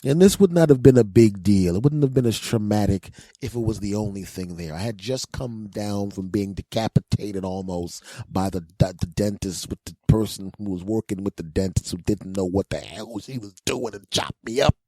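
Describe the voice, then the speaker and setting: Deep-voiced man ranting comically. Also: moderate pace, few pauses, no echo, clean studio sound. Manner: whiny, self-mocking, animated storytelling. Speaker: podcast host. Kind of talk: comic monologue.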